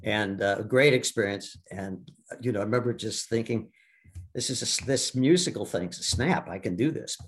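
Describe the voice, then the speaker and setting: A man in his seventies from the US Midwest, telling his life story as a guest in a casual interview, halting with many restarts and fillers. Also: lowish voice. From Milwaukee, US Midwest. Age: 70s. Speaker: guest, stage actor.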